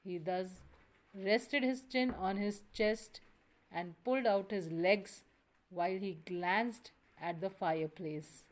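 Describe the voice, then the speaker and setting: A woman's voice: medium pitch, slow. A woman teacher reading a story aloud and explaining it line by line, with frequent restarts and self-corrections.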